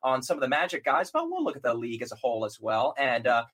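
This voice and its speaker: Guy hosting a hoops podcast, talks fast, friendly and chatty. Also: medium pitch, wildly swooping pitch, a bit bright, breathy edge. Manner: upbeat, chatty. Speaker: podcast host. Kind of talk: casual sports podcast chat.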